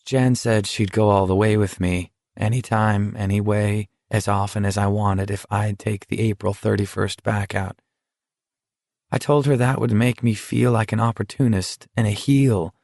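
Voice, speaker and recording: A man voicing an earnest teenage boy in a deadly walking contest, speaking in a confiding, rambling, quietly hurt way. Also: lowish voice, steady tone, moderate pace, vocal fry, no echo, clean studio sound.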